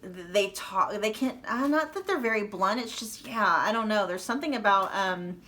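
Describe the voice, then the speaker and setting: A tarot reader with a Midwestern American accent chats her way through a casual reading for viewers, thinking aloud with many fillers and restarts. Her medium-pitched voice sounds pushed and bright at a moderate pace, with slight background noise.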